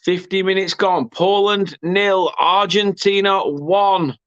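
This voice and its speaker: Bright-voiced English fan commentating live. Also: male voice, high-pitched, slow, smooth, no echo, highs cut off. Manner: excitable, self-correcting, erupts at goals. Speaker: watchalong host.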